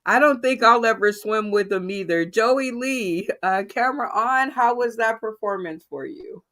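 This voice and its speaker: A woman's voice: fairly high pitch, normal speed, a bit bright. A woman hosting an online comedy game show, asking judges for comments in an easygoing way.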